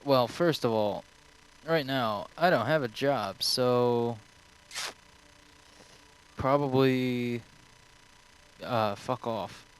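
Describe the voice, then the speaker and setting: Young man, streamer, rambling, profane, smooth resonant voice. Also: mid-range voice, extremely slow, long pauses, poor audio. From United States. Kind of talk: casual chat answering viewer questions.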